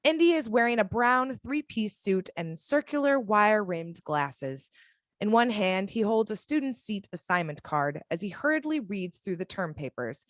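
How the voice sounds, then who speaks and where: A woman's voice: medium pitch, animated, moderate pace, no echo. Woman narrating screenplay action, dry sound. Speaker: narrator reading action descriptions. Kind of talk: script narration for an audio drama.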